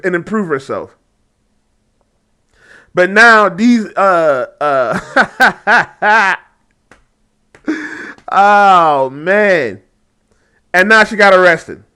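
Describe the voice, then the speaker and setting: A man's voice: high voice, pushed and bright. A man giving casual reaction commentary on a video, mocking and laughing often, with frequent swearing.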